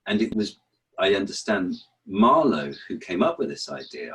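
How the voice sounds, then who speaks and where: Deep-voiced actor explaining verse. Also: male voice, moderate pace, rough recording. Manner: animated storyteller, chants rhythms aloud. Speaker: actor and author, interview guest. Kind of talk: relaxed explanatory interview talk.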